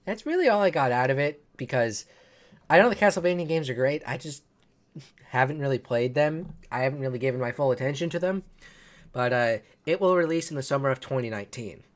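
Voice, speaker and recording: A man's voice: medium pitch, lively intonation, fairly quick. A man hosting a casual game-news podcast, rambling and correcting himself as he goes. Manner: rambling, self-correcting, chuckles at own slips. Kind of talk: casual chat.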